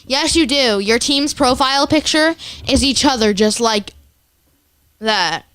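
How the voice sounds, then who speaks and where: A woman's voice: high voice, lively intonation, a little slow, fairly bright tone, clear, resonant tone. Chatty teenage girl telling stories. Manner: chatty storyteller, lots of fillers and laughs. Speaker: co-host. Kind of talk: casual chat.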